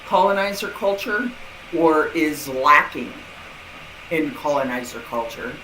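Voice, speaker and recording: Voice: medium pitch, measured pace, pushed and bright. Guest, casual talk, thoughtful, searching for words, echoey room, light noise. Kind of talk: casual conversation.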